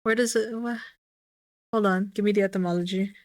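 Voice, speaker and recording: A woman's voice: medium pitch, fairly even intonation, brisk, no echo. A woman streamer chatting casually with her viewers, musing aloud and repeating a word over and over to test how it sounds. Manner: chatty with viewers, light swearing. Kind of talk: casual livestream chat.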